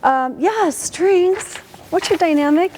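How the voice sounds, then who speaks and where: A woman coaching a student orchestra in a school auditorium, lively and encouraging, asking the players lots of questions. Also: extremely high pitch, slow, slight background noise. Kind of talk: rehearsal coaching.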